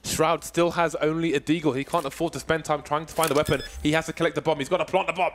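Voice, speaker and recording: A man doing live color commentary on an esports match, joking around with a slow drawl that bursts into shouts. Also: fairly high pitch, fairly even intonation, a little hiss or hum. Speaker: esports caster.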